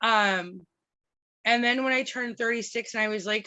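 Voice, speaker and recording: A woman's voice: on the high side, moderate pace. A woman in her thirties, a podcast guest, telling stories frankly and with lots of animation. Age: 30s. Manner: frank, animated storytelling with swearing and laughs. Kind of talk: candid podcast conversation.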